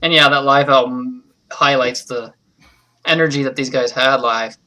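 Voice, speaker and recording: A man's voice: mid-range voice, fairly even intonation, normal speed, sharp tone, rough recording. A man hosting a casual music chat, giving brief, upbeat reactions. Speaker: podcast host.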